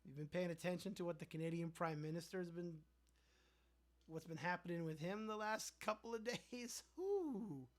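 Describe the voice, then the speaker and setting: A man's voice: fairly high pitch, fairly even intonation, a little fast. A man with a slightly raised voice chats loosely on his livestream, reading out viewer comments and answering them. He is sarcastic and rambling, and often trails off mid-thought. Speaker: livestream host.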